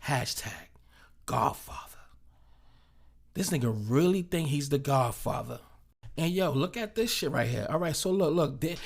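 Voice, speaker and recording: A man with a fairly high voice reacts to celebrity feud news in loose street slang. He talks in a casual commentary style, stumbling over and repeating words as he goes. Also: creaky.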